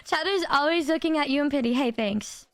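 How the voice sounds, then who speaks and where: A young woman streamer telling a story to her chat in a casual, animated way, swearing and laughing as she goes. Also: high voice, brisk, no room sound, studio quality, faint music behind.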